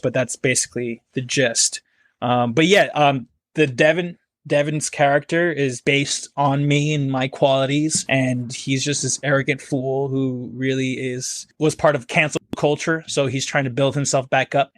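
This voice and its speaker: A man's voice: mid-range voice, dry recording. Dry-sounding man chatting loosely. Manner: rambling, filler-heavy, laughs often. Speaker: guest comedian and actor. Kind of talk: casual podcast conversation. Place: home, near Philadelphia.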